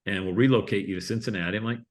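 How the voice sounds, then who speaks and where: A man's voice: fairly low pitch, rapid-fire. A man in his fifties from the Buffalo area, a guest telling his life story in a casual interview and acting out the voices of people he quotes. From Buffalo, New York area.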